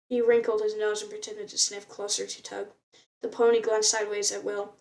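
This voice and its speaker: A woman's voice: medium pitch, little pitch movement, a little fast, a little mellow, distant mic. A woman reading a novel aloud in an unpolished way, often stumbling and restarting words. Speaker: reader.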